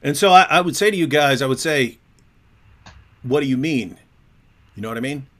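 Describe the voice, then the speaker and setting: A man's voice: on the high side, lively intonation, racing, a bit bright. A man co-hosting a casual livestream chat, talking in a mocking, jokey way and laughing often. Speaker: co-host.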